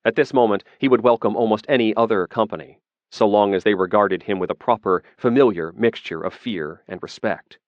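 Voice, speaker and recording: A man with a fairly low voice narrating a fantasy audiobook at a measured, steady pace. The recording is dry, close and slightly dull. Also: no room sound.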